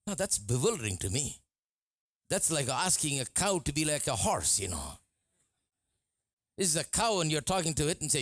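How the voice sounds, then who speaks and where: A male preacher giving a sermon, animated and often laughing as he acts out what people say. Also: on the high side, normal speed, long pauses, dry recording, soft background music. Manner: animated, laughing, mimics voices in quotes.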